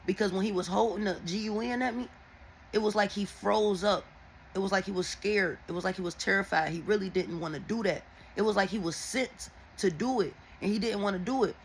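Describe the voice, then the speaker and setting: A woman who reads tarot, telling viewers a dream in a casual, animated and heavily profane way. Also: mid-range voice, fairly quick, a little hiss or hum, poor audio. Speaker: tarot and oracle reader.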